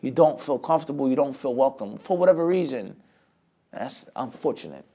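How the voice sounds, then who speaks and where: A man teaching an Islamic lesson, often asking a rhetorical question and answering it himself, with sudden swings between loud and quiet. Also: mid-range voice, fairly quick, slight background noise. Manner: lively, with many sudden rises and drops in loudness. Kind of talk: lecture class.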